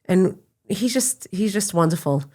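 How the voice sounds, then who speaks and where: A middle-aged woman, a podcast guest, telling personal stories in a casual, animated way that breaks into laughter. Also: medium pitch, unhurried. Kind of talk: casual conversational storytelling.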